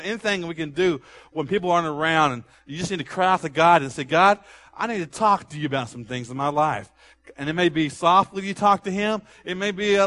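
A man's voice: on the high side, a bit bright. A man preaching a sermon in a conversational, emphatic way. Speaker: pastor.

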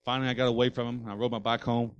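A man's voice: mid-range voice, level tone, racing, clear, resonant tone, lo-fi sound. A male pastor preaching a sermon. He speaks in an emphatic, repetitive preaching cadence with folksy asides to the congregation. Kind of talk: sermon with personal storytelling.

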